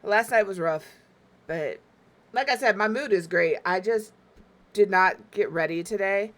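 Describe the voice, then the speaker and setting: Young woman streamer, bright voice, rambling casual chat, self-mocking. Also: medium pitch, measured pace. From Southern US. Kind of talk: casual chat while gaming.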